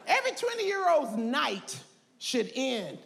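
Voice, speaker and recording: A woman, doing stand-up and shouting brashly at the audience. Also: high-pitched, wildly swooping pitch, slow, vocal fry. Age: 50s. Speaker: stand-up comedian. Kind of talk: stand-up comedy. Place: large live comedy venue. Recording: echoey hall, roaring live crowd, noisy.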